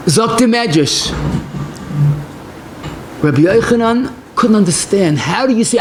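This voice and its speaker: A man's voice: sits high, animated, a little slow, noisy background. A man giving a passionate Torah lecture as a rabbi, telling stories in mixed with Hebrew and phrases.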